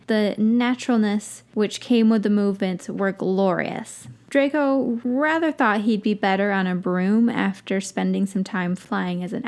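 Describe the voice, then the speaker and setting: A woman's voice: mid-range voice, a little mellow. A woman hosting a podcast, reading a story aloud and breaking off for wry, dry asides. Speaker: podcast host reading fan fiction.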